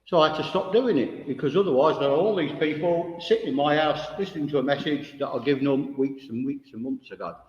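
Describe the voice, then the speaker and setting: A man's voice: fairly high pitch, fast, few pauses. A man, a spiritualist medium giving a chatty, direct demonstration to an audience in a village hall, with no microphone. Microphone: no microphone, room recording. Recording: echoey hall, dull, no microphone.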